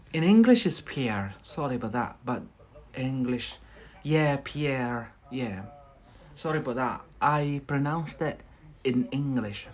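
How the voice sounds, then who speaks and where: A man giving a casual live-streamed English lesson. He talks at an unhurried pace with a medium-pitched voice. He keeps checking in with his viewers by asking "yeah?". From Scotland. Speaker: English teacher.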